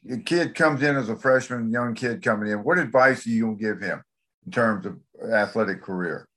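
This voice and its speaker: A man's voice: fairly low pitch, a little fast, fairly bright tone. A man interviewing a former player, asking questions casually.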